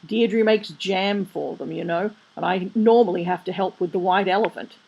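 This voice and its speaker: A woman's voice: mid-range voice, moderate pace, creaky, darkish tone, slightly rough, muffled recording. A woman voicing a mild, bewildered English father unsure of what is going on. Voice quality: doubtful, mild.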